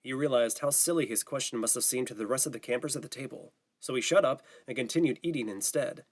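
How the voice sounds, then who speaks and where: A man narrating an audiobook in a steady, even reading style. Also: medium pitch, fast talker. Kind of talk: scripted narration.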